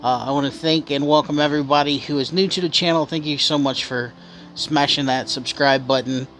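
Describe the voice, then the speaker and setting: A man's voice: fairly high pitch, fairly even intonation, a little fast, a bit bright, slight background noise. A man hosting his channel in an off-camera voice-over, speaking earnestly and encouragingly to viewers. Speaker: channel host.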